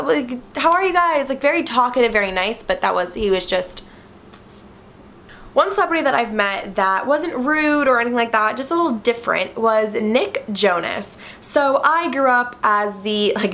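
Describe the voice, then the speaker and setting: A woman's voice: mid-range voice, vocal fry. Chatty young woman telling stories. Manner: chatty, frequent "like" fillers, animated quoting. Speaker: vlogger. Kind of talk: casual storytime chat to camera.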